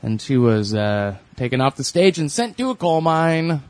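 A man's voice: medium pitch, big pitch swings, moderate pace, dry recording. A man co-hosting a podcast, explaining things hesitantly with many fillers. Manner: hesitant, full of uh and like. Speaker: podcast co-host. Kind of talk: casual chat.

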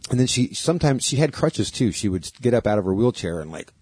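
A man's voice: medium pitch, very animated, fast, darkish tone, husky, no room sound. A man co-hosting a podcast, telling stories casually and animatedly, swearing and acting out the people in them. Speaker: podcast co-host. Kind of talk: casual storytelling chat.

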